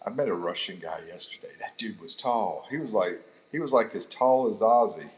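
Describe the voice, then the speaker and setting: A man's voice: sits low, expressive, normal speed, low-quality recording. An American man hosting a casual livestream. He reads out viewer comments and jokes around, laughing often and calling people bro. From United States. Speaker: livestream host. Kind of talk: casual live chat reading viewer comments.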